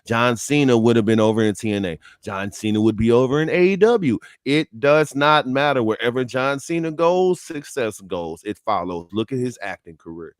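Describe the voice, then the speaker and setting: A man of medium pitch whose voice swings widely as he argues and jokes on a podcast. He leans hard on his points and slips into playful quoting. It is recorded dry and close. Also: expressive, normal speed, few pauses, no room sound. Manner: emphatic, jokey, slips into quoting characters. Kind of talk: casual podcast banter.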